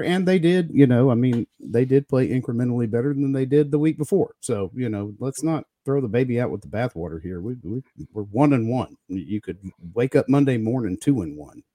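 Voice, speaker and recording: A man's voice: mid-range voice, animated, brisk, warm tone, no room sound. A man co-hosting a casual sports talk show, upbeat and reassuring, laughing often.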